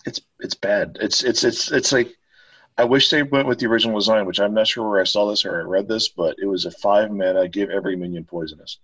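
A man with a somewhat low, husky voice chats casually about a card game, often stopping to restart his sentences. The sound is dry and muffled, as if from a lo-fi mic. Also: fairly even intonation, quick pace, fairly bright tone. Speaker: podcast co-host.

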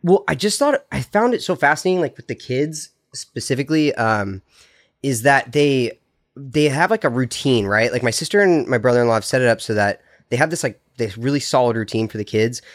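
Man, podcast co-host, casual rambling chat, lots of fillers, laughs a lot, a bit sick, medium pitch, dry close sound. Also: lively intonation, a little fast, no room sound. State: slightly sick, may cough.

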